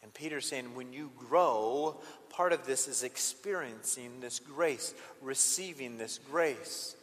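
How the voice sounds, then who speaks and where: A man preaching a sermon as a pastor, swinging between loud emphatic peaks and quiet intimate asides. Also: medium pitch, slow. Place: church sanctuary. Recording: long reverb of a large hall.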